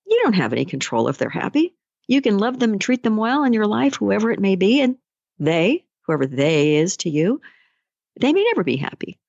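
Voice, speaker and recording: A woman life coach talks through a motivational solo podcast in a casual storytelling way. Her voice has a gravelly fry to it, recorded close and dry. The sound is muffled and lo-fi. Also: mid-range voice, a little mellow, no echo. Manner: conversational, storytelling.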